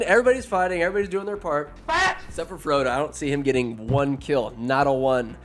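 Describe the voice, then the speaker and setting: A man's voice: fairly high pitch, fairly even intonation, fast talker, fairly bright tone. A man hosting a podcast, giving a rambling, crude and sarcastic comedic movie recap. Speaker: podcast host.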